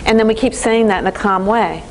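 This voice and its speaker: A woman giving a parenting training lecture in an animated way, acting out the voices of teens and parents. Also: medium pitch, fairly quick, slight background noise.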